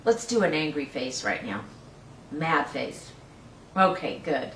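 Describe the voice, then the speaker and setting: A woman leads a children's storytime in a gentle, coaxing voice, often stopping to ask her young listeners questions. She speaks slowly, and her pitch swings widely. The sound is roomy and distant, with a faint hum behind her. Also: sing-song. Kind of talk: children's storytime, talking straight to kids. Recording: echoey room, voice from off the mic.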